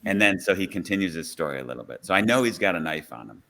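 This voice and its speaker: Deep-voiced police officer telling a story. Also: male voice, quick pace, creaky, background noise. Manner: relaxed and conversational, acting out dialogue in the story. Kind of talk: storytelling on a podcast.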